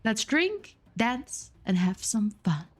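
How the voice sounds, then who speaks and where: A woman's voice: fairly high pitch, big pitch swings, takes it slowly, heavily acted. A woman voicing a tall, suave male elf host who speaks in a courtly, welcoming way. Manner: smooth, courtly.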